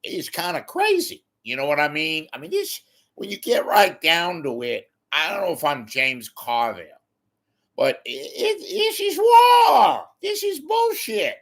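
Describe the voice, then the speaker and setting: A man impersonating a blunt, profane male political strategist who rants in shouting bursts. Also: fairly high pitch, huge pitch swings, a little slow, pitched above the performer's own voice, full character voice.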